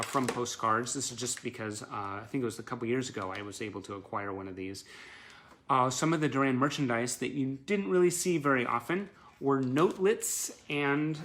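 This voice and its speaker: A man talks casually and eagerly through his memorabilia on a home live stream, with lots of fillers. His voice is gravelly and creaky at a medium pitch. A faint hiss and some clicks sit behind it. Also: fairly bright tone. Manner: chatty and enthusiastic, with many fillers. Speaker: collector showing memorabilia.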